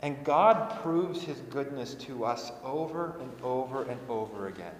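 A man's voice: medium pitch, animated, measured pace, a little hiss or hum. A young man, a pastor, preaching a sermon in an earnest, conversational way and repeating phrases for emphasis. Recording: echoey hall with long reverb.

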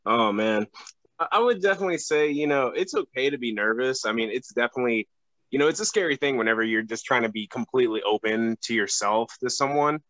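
A young man chatting on a podcast as a guest, halting and full of fillers and restarts. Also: medium pitch, a bit bright, dry recording, highs cut off. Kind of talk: casual podcast chat.

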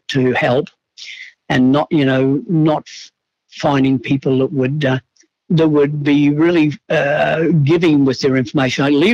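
Halting horseman, slightly muffled. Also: medium pitch, no echo. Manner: halting, many restarts and fillers. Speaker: horse trainer guest. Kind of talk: reflective interview talk.

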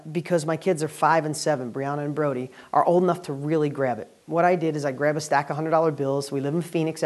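A man hosting a weekly video and speaking to camera as a real estate educator, giving an energetic, upbeat motivational talk. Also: fairly high pitch.

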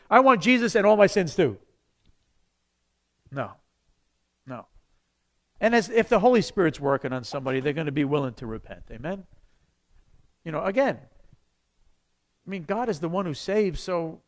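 A man, a pastor, teaching a church evangelism class in a conversational, animated way, acting out the voices he quotes. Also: fairly high pitch.

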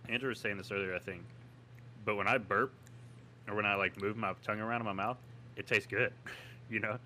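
A man's voice: lowish voice, steady tone, a little fast, pushed and bright, slight background noise. A man in a casual beer tasting chat, blunt and laughing as he complains.

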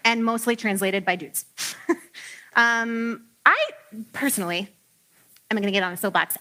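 A woman's voice: a little high, sharp tone. A woman preacher giving a casual, humorous sermon in a chatty, playful way, full of "like". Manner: chatty and playful, heavy use of "like".

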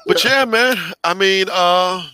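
A man on a casual podcast, laid-back and relaxed as he signs off. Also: high voice, slow pace, clean tone. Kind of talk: casual chat among friends.

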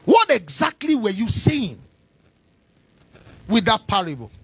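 A man preaching a sermon, shouting in a sing-song cadence and calling on the congregation to respond. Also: high-pitched, sing-song, a little slow, slightly rough, no echo.

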